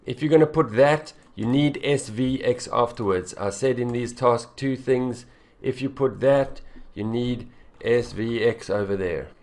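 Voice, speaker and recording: A man's voice: mid-range voice, a little slow, darkish tone. Blunt, exasperated male writing teacher. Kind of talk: essay correction lesson.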